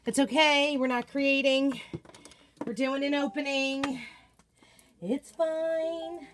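A woman hosting a casual livestream, chatty and excitable, out of breath as she greets viewers by name. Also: high-pitched, slow, a little hiss or hum. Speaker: craft vlogger hosting a livestream.

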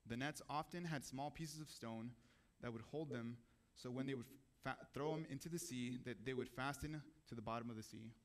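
A man's voice: medium pitch, a little fast, hardly any pauses. Man preaching a casual sermon. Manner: casual, conversational, asks the audience questions. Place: church.

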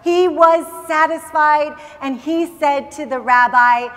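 A woman rabbi delivers a sermon as an expressive, dramatic story. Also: high voice, slow pace, hardly any pauses. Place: synagogue sanctuary. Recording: long reverb in large hall.

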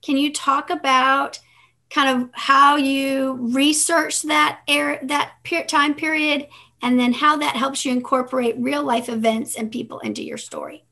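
High, bright-voiced woman interviewer. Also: lively intonation. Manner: halting, restarts words. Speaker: library interviewer host. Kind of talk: interview questions.

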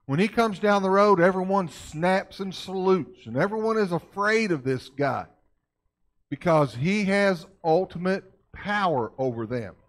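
Folksy higher-voiced man lecturing a congregation. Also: animated, a little slow. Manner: folksy, keeps asking the audience questions. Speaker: church lecturer. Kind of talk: conversational church lecture.

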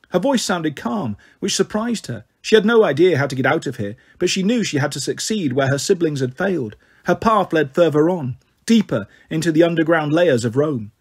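A man narrating a storybook in a steady, even manner. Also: fairly high pitch, normal speed, hardly any pauses, husky. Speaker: audiobook reader.

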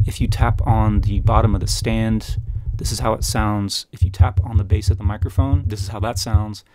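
A man reviewing microphones in a small home room, talking close to a USB condenser mic on his desk and explaining each test step by step in a relaxed, plain way. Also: on the low side, normal speed, background noise. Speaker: tech reviewer. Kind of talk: casual mic test demonstration.

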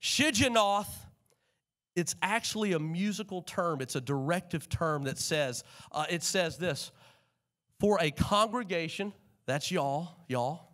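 Animated preacher, high voice. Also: male voice, a little slow. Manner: animated preacher, calls for congregation responses. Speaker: pastor. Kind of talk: sermon. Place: church sanctuary.

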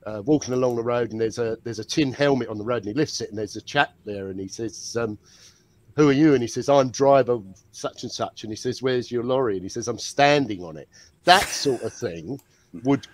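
A British man, a guest author, chatting over a video call and telling anecdotes in a measured way. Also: mid-range voice, no echo. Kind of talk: casual chat.

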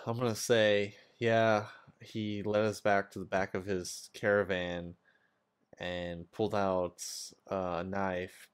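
A man taking part in a tabletop role-playing game, telling his part in a laid-back, joking way. His voice is low and smooth, with a clean, resonant tone. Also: little pitch movement, slow pace. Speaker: player. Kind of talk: casual tabletop game banter.

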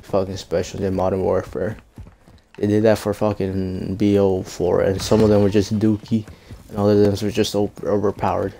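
A man's voice: low voice, flat delivery, normal speed, creaky, slight background noise. A young man giving profane, trash-talking commentary while playing a shooter game. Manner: swears constantly, trash-talks opponents. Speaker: gaming streamer. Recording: loud gunfire game audio behind.

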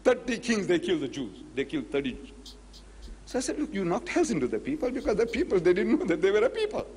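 A man's voice: high voice, fast, breathy edge. A man giving a public lecture, retelling a debate and acting out both sides of the conversation. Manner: animated storyteller, acts out both sides of the dialogue. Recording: echoey lecture hall recording.

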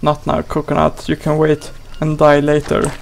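A man's voice: on the high side, monotone, moderate pace, creaky, noisy background. A man hosting a gaming channel, giving playful, exclamatory let's play commentary and talking to his character.

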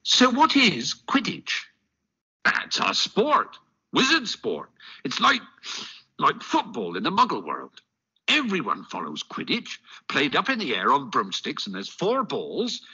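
A man's voice: fairly high pitch, a little slow, husky. A man narrating an audiobook expressively, switching into character voices. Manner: expressive, storytelling. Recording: dull lo-fi audiobook clip.

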